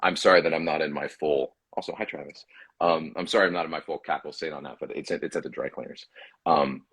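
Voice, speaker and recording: Deep husky man in casual chat. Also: fast, no room sound. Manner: animated, swears freely. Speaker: voice actor guest. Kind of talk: casual live-stream chat. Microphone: video call.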